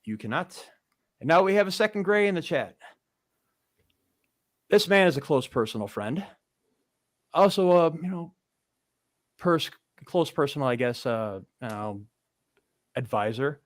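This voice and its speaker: A man's voice: on the high side, lively intonation, a little slow, pauses often, dry recording. Male host, rambling casual delivery, dry sound. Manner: rambling, loose, swears casually. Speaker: podcast host. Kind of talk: casual chat.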